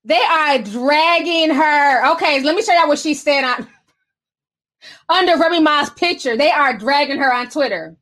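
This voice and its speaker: A woman hosting a livestream, chatting casually about celebrity gossip and reading viewer comments in a sassy, animated way. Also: sits high, normal speed. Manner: sassy, animated, chatty with mocking voiced quotes. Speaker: livestream host reading super chats.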